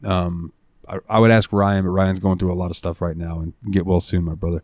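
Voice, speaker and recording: A man's voice: deep voice, flat delivery, a little fast, a little mellow, no echo, studio quality. A man hosting a gaming podcast, chatting casually in a laid-back, rambling way. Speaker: podcast host. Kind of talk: casual chat.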